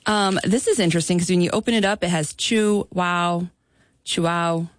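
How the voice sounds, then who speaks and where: A woman co-hosting a morning radio show, playful and quick to exclaim. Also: fairly low pitch, dry recording, studio quality. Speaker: radio co-host. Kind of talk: casual radio banter. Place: radio studio.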